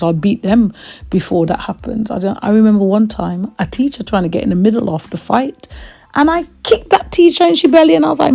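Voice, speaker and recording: A woman's voice: fairly low pitch, creaky, warm tone. A woman from Trinidad, hosting a podcast and telling her own story in a candid, emphatic way. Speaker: podcast host and reverend.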